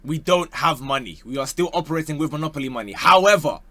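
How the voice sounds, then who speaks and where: A man's voice: on the high side, expressive, fast talker, pushed and bright, dry recording. A young man doing playful, slangy football talk for his channel, slipping into joke voices. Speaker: football YouTuber.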